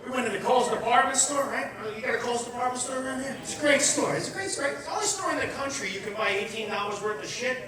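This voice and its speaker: Middle-aged man, stand-up set, very high voice, brash and profane, echoey room, heard from a distance with a crowd. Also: fast talker, few pauses. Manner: brash and profane, breaking into shouts. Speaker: stand-up comedian. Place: comedy show venue.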